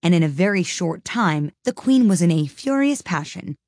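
A woman reading a storybook aloud in an expressive, lively way. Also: on the low side, moderate pace, dry recording, clean studio sound.

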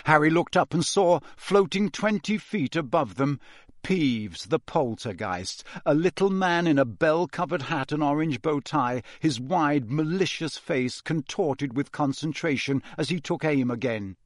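A man's voice: fairly high pitch, dry recording, studio quality. Man reading a storybook aloud. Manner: measured, even storytelling delivery. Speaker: audiobook narrator. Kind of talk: scripted storybook narration.

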